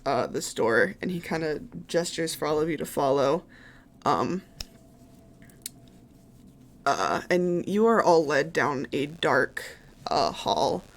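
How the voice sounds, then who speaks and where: A game master narrates a tabletop game for a live stream, pausing often with filler words and restarts. The delivery is unhurried and slow. The voice has a gravelly, creaky texture. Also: medium pitch. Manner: hesitant, many fillers and restarts.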